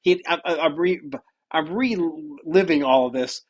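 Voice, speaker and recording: Brief: male podcast host, slightly high voice, rambling and profane, casual chat. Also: a little slow, dull audio.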